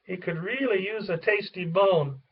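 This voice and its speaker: A chirpy lady bird, voiced by a man with a pitched-up tone. She sounds far away on a dull, lo-fi recording. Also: normal speed, a little hiss or hum. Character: chatty female bird.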